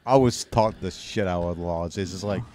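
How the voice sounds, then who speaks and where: A man's voice: sits low, moderate pace, a crowd in the background. A young man co-hosting a casual podcast, giving blunt, profane, clipped answers. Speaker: podcast co-host. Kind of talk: casual banter.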